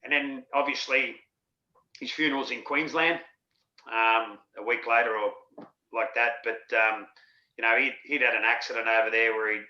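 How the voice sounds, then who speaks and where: A man's voice: medium pitch, fairly even intonation, moderate pace, sharp tone. A middle-aged Australian man telling rambling, candid stories as an interview guest, swearing freely. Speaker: interview guest, former rugby league player. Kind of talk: candid storytelling. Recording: dull lo-fi sound in an echoey room.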